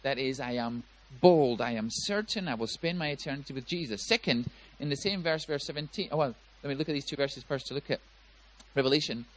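A male pastor preaching a sermon with emphatic swings in loudness and pace, often repeating words. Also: medium pitch, a little fast, a little hiss or hum, poor audio.

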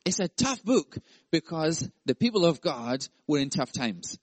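A man's voice: a little high, very animated, a little slow, a little hiss or hum. A male pastor preaching a sermon, playful and jokey, acting out voices.

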